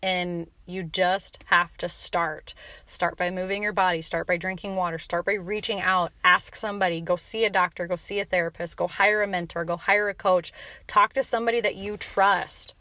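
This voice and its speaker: A woman's voice: on the low side, fairly even intonation, normal speed, sharp tone, dry recording. A woman hosting a motivational podcast, talking in a passionate, blunt rant with some swearing. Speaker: podcast host and coach.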